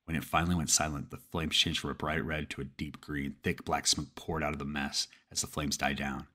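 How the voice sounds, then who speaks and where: A man with an extremely low, deep voice narrates a first-person horror story. He reads at a brisk clip in a steady way and now and then stumbles and restarts a word.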